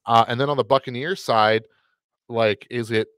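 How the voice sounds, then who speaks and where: A man's voice: medium pitch, fairly even intonation, normal speed, a bit bright, clean tone, no room sound. Guy cohosting a football podcast, wanders off mid-thought, dry close mic. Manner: rambling, self-correcting, wry. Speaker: podcast co-host. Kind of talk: casual fantasy football chat.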